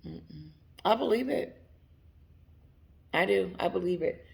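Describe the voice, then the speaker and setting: A woman's voice: on the low side, animated, takes it slowly, gravelly, a little mellow. A woman giving casual commentary straight to her viewers, emphatic and laughing often. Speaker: commentary channel host.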